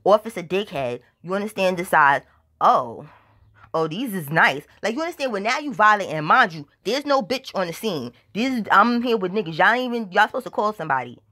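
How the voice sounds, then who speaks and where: A woman's voice: medium pitch, big pitch swings, quick pace, few pauses, bright, forceful tone. A woman telling a casual storytime, profane and emphatic, often checking that the listener understands. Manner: profane, emphatic, keeps asking "you understand?". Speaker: vlogger.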